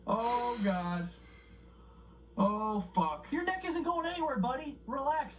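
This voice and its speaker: A man's voice: very high voice, takes it slowly. Man, comedic commentary, incredulous and mocking, heavy swearing, voice a bit distant from the mic, faint noise behind.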